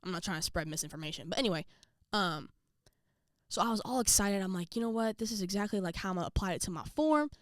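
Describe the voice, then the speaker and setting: A young woman vlogging, casually telling a story to her viewers and acting out quotes with jumps in pitch. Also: animated, fast, dry recording, clean studio sound.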